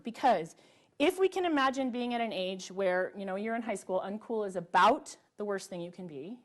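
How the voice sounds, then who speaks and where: A middle-aged woman giving an earnest, emphatic public talk to a live audience, pausing on rhetorical questions. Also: mid-range voice, animated. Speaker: public speaker. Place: library event room with audience.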